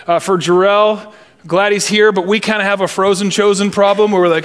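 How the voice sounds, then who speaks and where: Guy pastor preaching, emphatic, kinda high voice, cracks little jokes. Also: fairly even intonation, a bit bright, smooth. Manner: emphatic, deliberate, with humorous asides. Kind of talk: sermon.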